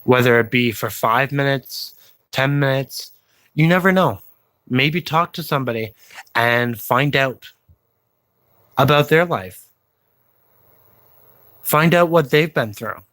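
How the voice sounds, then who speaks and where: A man vlogging to his viewers, speaking slowly and earnestly with pauses and fillers, encouraging them to reach out to others. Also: mid-range voice, a bit bright, no echo. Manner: slow, halting delivery with pauses and fillers; encouraging, plain-spoken. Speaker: YouTube vlogger. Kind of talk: slow earnest personal appeal to viewers.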